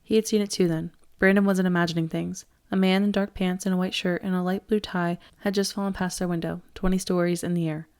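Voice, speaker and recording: A woman teacher reading a novel aloud with steady expression. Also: on the low side, a little fast, hardly any pauses, clean tone. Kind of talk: audiobook read-aloud.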